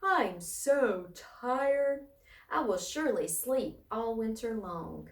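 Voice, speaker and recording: A woman voicing a big, sleepy, gentle male bear in a storybook read-aloud, with a slow, drowsy drawl. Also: fairly high pitch, expressive. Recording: roomy, far from mic.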